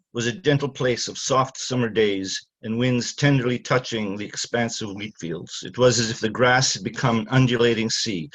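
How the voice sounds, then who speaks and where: An older man from Canada, an author speaking haltingly with many fillers, then reading from his novel. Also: mid-range voice, fairly bright tone, rough recording.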